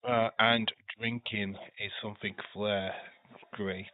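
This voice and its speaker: A man's voice: on the low side, little pitch movement, takes it slowly, no room sound. A man giving casual, chatty running commentary as a streamer, swearing and laughing along. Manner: chatty, profane, laughs often. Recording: tinny phone-like dry sound.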